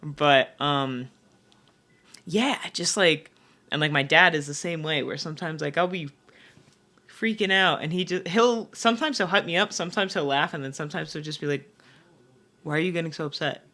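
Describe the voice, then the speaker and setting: A woman in her twenties co-hosts a podcast, chatting casually at normal speed. She's animated and acts out quotes with big jumps in pitch.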